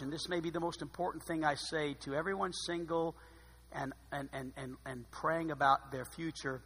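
A man preaching a sermon, dramatic, swinging from hushed asides to loud emphasis. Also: a little high, breathy edge. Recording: long hall reverb.

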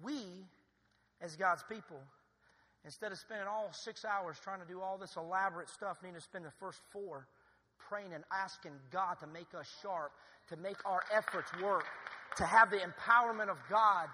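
A male pastor preaching a sermon in a church, building to loud, emphatic cries. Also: high-pitched, moderate pace, in a large hall, a little hiss or hum. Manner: preaching with rising, shouted emphasis. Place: church sanctuary.

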